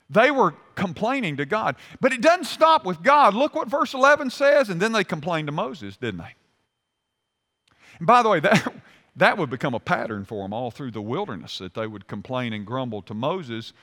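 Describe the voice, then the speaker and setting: A man's voice: high voice, sing-song, moderate pace, bright, forceful tone. A male pastor preaching a sermon in a church, acting out the voices of complaining people. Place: church sanctuary. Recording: hall reverb.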